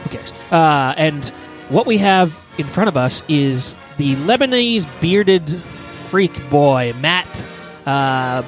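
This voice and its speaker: A man's voice: on the high side, animated, takes it slowly, soft background music. A man improvising crude comedy bits, rambling and laughing at his own jokes.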